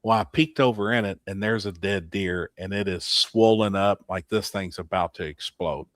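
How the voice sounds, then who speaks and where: A man hosting a casual podcast, telling racing-weekend stories with lively acted-out quotes and frequent laughter. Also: deep voice, moderate pace, dry recording. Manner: animated storyteller, laughs often, acts out quotes. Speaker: podcast host. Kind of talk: casual storytelling chat.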